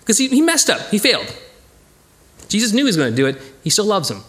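A man teaching a casual Bible study, who talks in a lively way and acts out the people in the story. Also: high voice, quick pace. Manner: animated, acts out voices of the characters.

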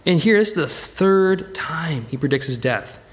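Animated man teaching a Bible study. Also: fairly high pitch, measured pace. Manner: animated, acts out the characters in quoted voices. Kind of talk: teaching from slides, retelling a parable.

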